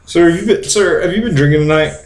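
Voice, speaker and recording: A man's voice: on the high side, fast talker, a little mellow, voice pushed up, close to an everyday voice. A man playing a power-drunk male cop who bullies and interrogates, repeating his demands. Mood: bullying. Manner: demanding, repeats questions, threatening. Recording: roomy echo.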